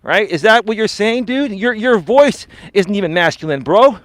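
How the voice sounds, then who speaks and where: A man's voice: high voice, lively intonation, moderate pace, no echo. A male dating and life coach ranting on a live stream, confrontational and repeatedly calling his opponent bro and sir.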